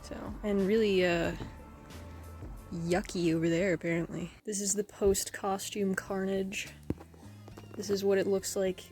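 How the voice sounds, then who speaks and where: Casting note: woman vlogger, mid pitch, rambling casual chat, a little breathless, faint music under. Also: little pitch movement, unhurried, long pauses, darkish tone. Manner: rambling, self-deprecating, swears casually. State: often out of breath. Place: at home crafting, later outdoors on a walk.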